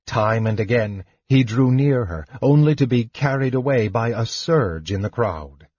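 A man narrates a fantasy novel in a slow, measured and dramatic reading. His voice is husky and mid-pitched. The recording is dry and a little dull, like a home audiobook. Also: animated, a little mellow, no room sound.

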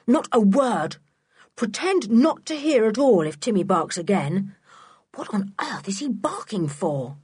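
A woman's voice: mid-range voice, sing-song, unhurried, darkish tone, husky, no echo, studio quality, pitched above the performer's own voice, full character voice. A woman reading a storybook, voicing an urgent, secretive schoolboy giving warnings.

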